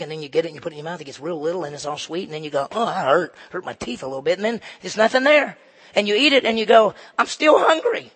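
Male preacher, fairly high husky voice, emphatic sermon delivery, long hall reverb. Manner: emphatic, rising to loud peaks then dropping low. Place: church sanctuary.

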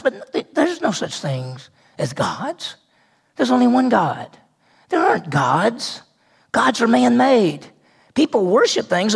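A man's voice: sits high, gravelly, slightly rough. A man preaching a sermon, retelling a scripture story with acted-out voices and rhetorical questions. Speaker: pastor.

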